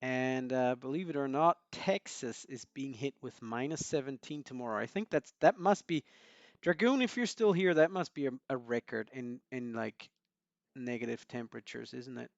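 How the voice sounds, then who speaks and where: A man's voice: medium pitch, normal speed, vocal fry, dry recording, lo-fi sound. A man hosting a live stream, chatting casually and greeting viewers by name with frequent chuckles.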